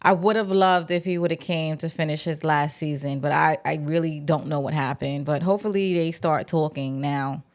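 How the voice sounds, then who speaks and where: A woman hosting a casual TV episode recap, talking in an animated, slangy way with big jumps in pitch. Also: moderate pace, few pauses. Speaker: TV recap vlogger host.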